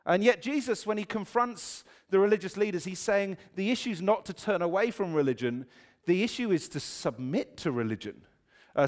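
A pastor preaching a conversational sermon, with humorous, self-deprecating asides. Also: male voice, high voice.

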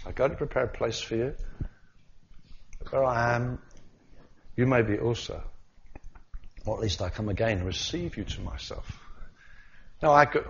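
A man preaching a sermon, swinging from loud cries to quiet asides. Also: mid-range voice. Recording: slightly dull sound.

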